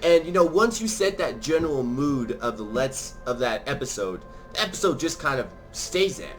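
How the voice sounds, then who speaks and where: Man, gaming host, quick chatty talker with a theatrical streak, middle pitch. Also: very animated, fairly bright tone, soft background music. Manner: fast-talking and chatty; theatrical, changes voices for fun. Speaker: let's play host. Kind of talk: casual gaming commentary.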